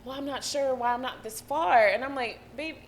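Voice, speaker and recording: A woman's voice: high-pitched, steady tone, brisk, slight background noise, low-quality recording. A woman from Atlanta with a mild Atlanta accent, hosting an interview in a chatty, giggly, affirming way. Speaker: host. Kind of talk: casual interview talk.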